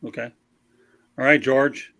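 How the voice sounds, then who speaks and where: A man's voice: medium pitch, level tone, slow pace, vocal fry, pushed and bright, dry recording. Man hosting a casual baseball talk. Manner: opinionated, rambling, leads the panel. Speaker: podcast host.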